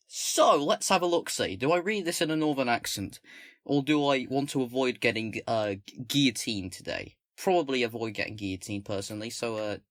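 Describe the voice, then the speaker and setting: Male host from England, casual political commentator, halting and rambly delivery, close mic with no room sound. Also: medium pitch, a bit bright, no echo. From England, not the North. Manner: rambling, halting, many fillers and restarts. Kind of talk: casual commentary with manifesto reading. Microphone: own microphone, close.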